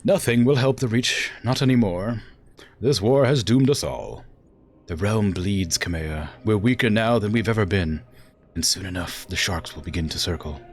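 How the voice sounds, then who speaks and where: A man's voice: lowish voice, animated, normal speed. Man voicing a grave resigned older ruler, English accent, game dialogue read aloud.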